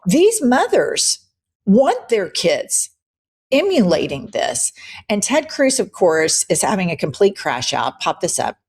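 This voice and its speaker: A woman's voice: medium pitch, wildly swooping pitch, slow pace, a little mellow, breathy edge. A woman hosting a political commentary show, talking bluntly, profanely and with heavy emphasis.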